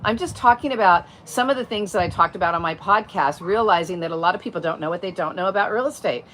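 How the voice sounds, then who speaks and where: A woman's voice: lowish voice, a bit bright, a little hiss or hum. A middle-aged woman, a real estate agent, hosting a casual livestream, explaining step by step and greeting viewers as they join. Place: at home, outdoors or by a window, wind.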